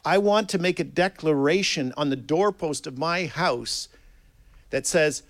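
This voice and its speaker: A man preaching a sermon in an earnest way, reading scripture aloud and swinging between quiet and loud emphasis. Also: a little high, unhurried.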